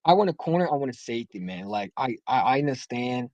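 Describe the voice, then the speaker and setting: Male caller, rambling and fired up, mid-pitched voice, dry sound. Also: sing-song, fast talker, a little mellow, dry recording, dull audio. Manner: rambling, heated, many restarts. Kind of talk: casual sports call-in chat.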